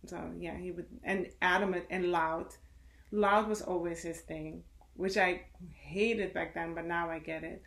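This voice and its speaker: A middle-aged woman with a lowish, gravelly voice, a guest on a conversational podcast. She rambles warmly through memories, often circling back and restarting her sentences. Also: a little slow. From Suriname and the Netherlands. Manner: rambling, animated storytelling with laughter. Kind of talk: casual conversation.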